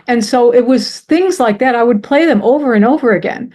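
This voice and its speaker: A woman's voice: a little high, fairly quick, few pauses, darkish tone. A woman telling a personal story with earnest emotion, often restarting her sentences. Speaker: presenter.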